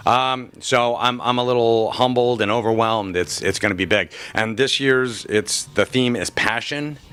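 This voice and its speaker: A man's voice: medium pitch, normal speed, fairly bright tone, smooth. A man working in a comic shop, answering interview questions in a chatty, joking way, with frequent restarts. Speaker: comic shop worker and podcaster.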